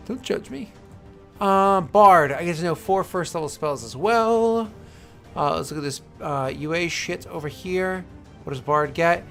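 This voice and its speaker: A man's voice: a little high, a little slow, a bit bright. A man chatting casually on a livestream in a slightly raised, light voice. He rambles, jokes at his own expense and drops mumbled asides and curses. Faint music plays underneath. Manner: rambling, joking, swears and mutters asides. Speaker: streamer.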